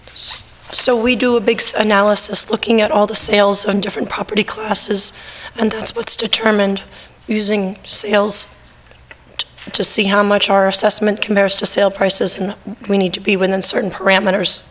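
A hoarse woman, the town assessor, explaining property valuations patiently at a public meeting. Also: medium pitch, little pitch movement, moderate pace, a bit bright, slight background noise, rough recording. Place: town hall meeting room.

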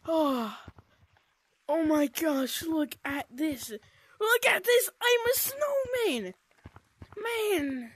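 A woman giving excited gameplay commentary, gushing and squealing, with "oh my gosh" and "dude" constantly. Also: extremely high pitch, measured pace. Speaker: gaming video creator.

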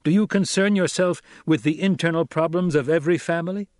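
A man voicing a young noble heir who speaks slowly, coldly and with command, in a dry audiobook recording. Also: a little high, darkish tone, no room sound, voice pushed up, natural voice. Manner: slow, cold, commanding delivery.

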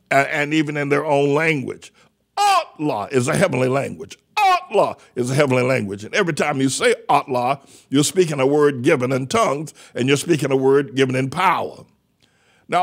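A man preaching a teaching sermon, emphatic, repeating phrases for stress, his pace slowing and then rushing. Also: on the high side, fairly bright tone. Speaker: pastor.

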